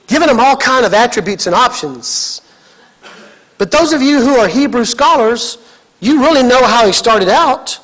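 A middle-aged man preaches with big, emphatic energy, cracking jokes and climbing to shouts. His voice sits unusually high for a man, bright and lifting at every push. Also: normal speed. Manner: animated, emphatic, joking, builds to shouting. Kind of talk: energetic sermon.

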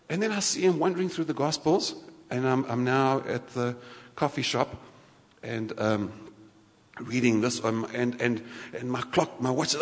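A man preaching a sermon in a lively, conversational way, often restarting his sentences. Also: a little high, fairly quick. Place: church hall. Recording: church hall reverb.

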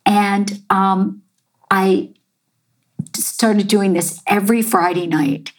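Slow husky american lady telling her life story, lots of ums and likes. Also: mid-range voice, fairly even intonation. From United States. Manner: halting and reflective, many fillers. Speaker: guest, chef and artist. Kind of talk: personal storytelling interview.

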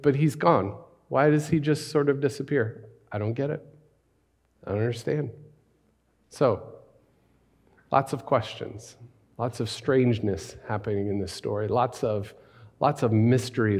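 A man preaching a sermon in a conversational, questioning way, dropping to a hush on key words. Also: mid-range voice. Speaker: pastor.

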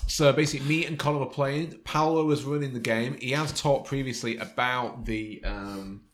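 A man's voice: mid-range voice, fairly even intonation, moderate pace, a bit bright, a little hiss or hum. A man hosting a podcast in casual chat, joking and swearing freely. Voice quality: banter-heavy, sweary, teasing. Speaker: podcast host.

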